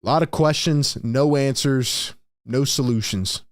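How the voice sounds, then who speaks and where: A man's voice: mid-range voice, measured pace, no room sound, clean studio sound. A man hosting a live postgame fan show, ranting in frustration and reading out viewers' chat comments. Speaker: sports podcast host.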